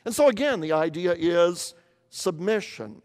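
A man's voice: high-pitched, expressive, a little slow, big-room sound. An older man from eastern Kentucky preaching a sermon, explaining scripture earnestly and often repeating words as he restarts.

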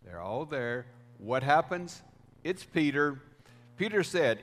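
A man preaching a sermon as pastor, deliberate, with swells of emphasis. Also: fairly high pitch, big pitch swings, a bit bright, faint music behind. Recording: reverberant hall sound.

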